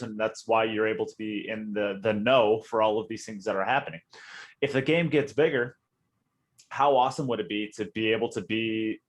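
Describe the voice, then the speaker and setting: Male podcast host, middle pitch, casual, loose filler-heavy questioning. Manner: meandering questions with many fillers.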